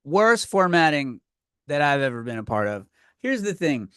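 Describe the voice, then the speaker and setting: A man's voice: a little high, very animated, moderate pace, fairly bright tone, smooth, no echo, clean studio sound. A man hosting a comedy podcast, ranting with lots of profanity and stumbling restarts, recorded on his own podcast microphone. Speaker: podcast host. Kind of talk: comedic rant.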